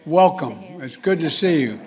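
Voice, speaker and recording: A man speaking at a formal reception, halting and restarting, with joking asides to the audience. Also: fairly high pitch, animated, darkish tone, lo-fi sound. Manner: halting, with repeated words and trailing restarts; jokey asides to the crowd. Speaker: president giving a speech. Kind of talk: formal speech with off-the-cuff asides. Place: formal reception hall, indoors.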